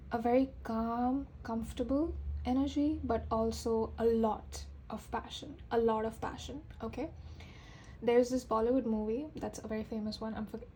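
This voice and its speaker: Woman tarot reader, voice sitting a bit high, casual and gushing, faint ambience behind. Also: a little hiss or hum, low-quality recording. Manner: chatty, talks straight to viewers, many fillers; excitable, voice rises with enthusiasm. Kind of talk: casual tarot reading to camera.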